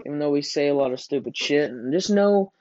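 A man's voice: a little high, animated, fairly quick, darkish tone, lo-fi sound. A teenage boy hosting a casual podcast with a friend, rambling and joking with frequent laughs. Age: teens. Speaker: podcast host.

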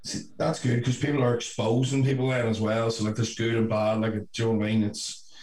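A man's voice: mid-range voice, level tone, a little fast, a little mellow, roomy sound. A man co-hosting a podcast in casual chat, telling rambling, sweary stories full of "like". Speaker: podcast co-host.

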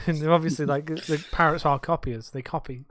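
A man's voice: fairly high pitch, steady tone, a little fast, fairly bright tone, dry recording. A man co-hosting a casual podcast, telling rambling, sweary stories from his bar work. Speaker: podcast co-host; bar worker.

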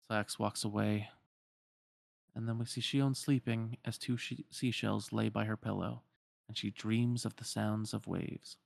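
A man's voice: on the low side, steady tone, measured pace, gravelly, dry recording, studio quality. A man narrating a video game story in plain, casual storytelling with a few fillers.

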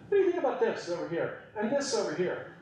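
A man's voice: high-pitched, big pitch swings, darkish tone, slight background noise, pitched above the performer's own voice. A man voicing God questioning from a storm. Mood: playful boasting. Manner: emphatic, slowed questioning delivery. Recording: echoey room, mic at a distance.

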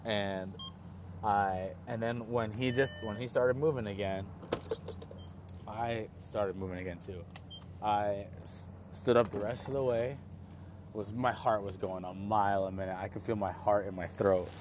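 A young man casually telling a story, rambling and excitable, with many restarts and fillers. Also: fairly low pitch, measured pace, background noise.

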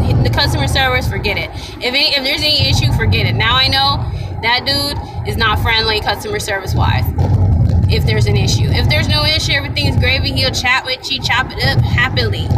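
A young woman from Ohio telling a chatty, excitable, slangy vlog story, recorded in a car. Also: a little high, heavy background noise.

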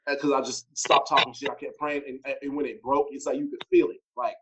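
Guy telling a creepy story at a rapid clip, swearing a lot, acting out what he said back then. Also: medium pitch, flat delivery, fairly bright tone, slight background noise, poor audio. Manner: profane, blunt, re-enacts his own reactions. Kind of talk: casual storytelling.

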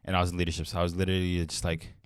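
Fast-talking deep-voiced young man. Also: flat delivery, clean tone, no echo, studio quality. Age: young adult. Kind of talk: casual chat.

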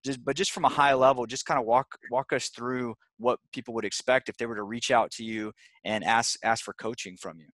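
A man's voice: medium pitch, steady tone, brisk, few pauses, a bit bright, no room sound. A man co-hosting a casual podcast interview, speaking hesitantly with many repeated words and restarts. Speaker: podcast co-host.

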